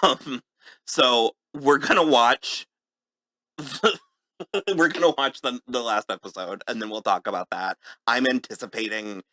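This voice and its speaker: A man co-hosting a podcast, chatting casually in a review, halting and laughing often. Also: medium pitch, bright, forceful tone. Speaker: podcast co-host.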